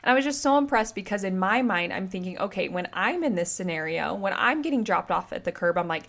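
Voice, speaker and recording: Woman in her thirties hosting a solo podcast, casual and animated, mid-pitched voice. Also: quick pace, few pauses. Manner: chatty, animated storytelling with frequent "like". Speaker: podcast host and relationship coach.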